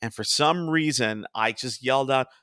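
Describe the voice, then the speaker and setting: Young man, from New Jersey, bright voice, dry close mic, chatty podcast host. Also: medium pitch, normal speed, clean tone, no echo. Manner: chatty, quotes cartoon lines in animated voices. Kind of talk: casual podcast chat.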